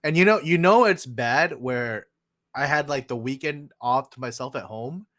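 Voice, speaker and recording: A man hosting a casual podcast, animated and joking, swearing often and calling people "dude". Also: mid-range voice, moderate pace, no room sound, studio quality. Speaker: podcast host.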